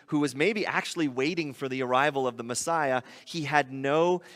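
A man preaching a sermon, animated, often acting out quoted voices. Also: mid-range voice, moderate pace, big-room sound. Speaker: pastor.

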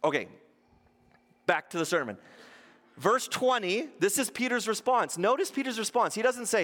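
A man's voice: high voice, lively intonation, normal speed, long pauses, a bit bright. A man preaching a sermon as pastor, posing rhetorical questions and acting out quotes in shifting voices. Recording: long hall reverb.

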